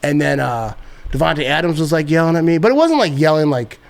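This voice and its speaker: A young man on a podcast, spinning loose stories in a slightly higher-than-usual male voice. He rambles, leans on fillers and laughs often, with a relaxed, chatty delivery. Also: a little fast, vocal fry. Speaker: podcast guest, sports content creator. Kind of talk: casual storytelling.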